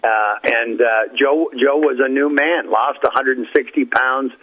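A man's voice: medium pitch, a little slow. An older man telling folksy, rambling stories as an interview guest, heard over a phone line. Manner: folksy, rambling, with frequent fillers and restarts. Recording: tinny phone-line audio.

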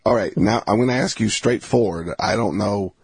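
A man hosting an interview, cutting in with exclamations, quick questions and joking asides. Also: on the low side, husky, dry recording. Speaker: interviewer host. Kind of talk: interview conversation.

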